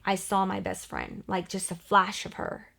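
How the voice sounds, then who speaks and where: A woman vlogger retelling a conversation in a casual storytime chat, full of quick back-and-forth quotes and frequent fillers. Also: mid-range voice, flat delivery, gravelly, a bit bright.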